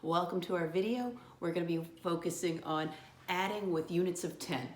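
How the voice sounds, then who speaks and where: A woman teacher giving a first-grade math lesson, talking to young children in an animated, encouraging way. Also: on the low side, moderate pace. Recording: echoey room, mic at a distance.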